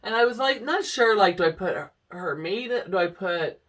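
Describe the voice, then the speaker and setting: A woman's voice: mid-range voice, expressive, normal speed, a bit bright, distant mic. A middle-aged woman chatting casually to camera about her cross-stitch projects, rambling and laughing often. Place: home room.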